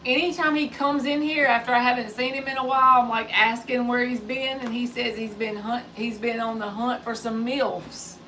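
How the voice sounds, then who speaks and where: A woman's voice: fairly high pitch, fairly even intonation, normal speed, hardly any pauses, sharp tone, recorded from a distance, poor audio. A woman in her forties chatting casually and jokingly on a live stream as a tarot reader, passing along remarks from someone off-mic. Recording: voice a bit off-mic, faint background noise.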